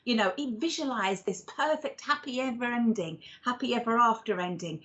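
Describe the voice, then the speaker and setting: A woman's voice: on the high side, normal speed, fairly bright tone, dull audio. A woman who is a psychic medium and regression therapist, giving card readings in a chatty, rambling, affectionate way and calling people darling. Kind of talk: live-stream card readings and chat.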